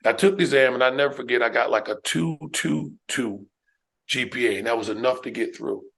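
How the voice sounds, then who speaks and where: A middle-aged man from New York, a guest educator and speaker telling his life story on a podcast in an emphatic, animated way. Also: medium pitch, a little fast, creaky. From New York, USA. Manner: emphatic, animated storyteller who addresses the listener with "man" and "right?".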